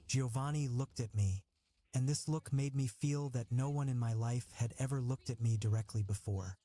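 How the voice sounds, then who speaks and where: A man reading a novel aloud in a measured, reflective first-person narration. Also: mid-range voice, dark tone. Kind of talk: audiobook reading.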